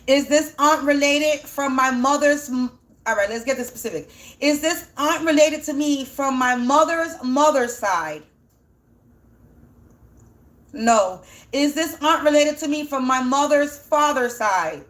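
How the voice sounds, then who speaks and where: A woman's voice: high voice, measured pace, a bit bright. A woman giving a casual spiritual reading, thinking aloud in a rambling way as she asks and answers her own questions, her voice sounding teary as if near crying. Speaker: spiritual energy reader.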